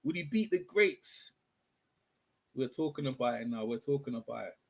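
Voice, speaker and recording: A man's voice: mid-range voice, lively intonation, moderate pace, creaky, husky, no room sound. A man hosting a casual boxing live stream, rambling and chatting with his viewers. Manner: rambling, chatty, talks to viewers, self-corrections.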